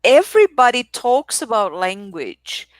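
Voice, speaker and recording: A woman's voice: a little high, very animated, unhurried, no room sound. A woman moderating an online webinar, speaking hesitantly over a video call. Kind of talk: casual remarks.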